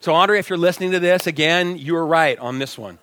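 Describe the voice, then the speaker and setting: A male pastor delivering a sermon in a slightly higher voice, full of lively storytelling. He shifts his tone to act out little dialogues and can sink nearly to a whisper for a reflective line. The sound is close and dry. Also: brisk, no room sound. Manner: animated, acts out quoted dialogue, drops to near whispers. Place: church sanctuary.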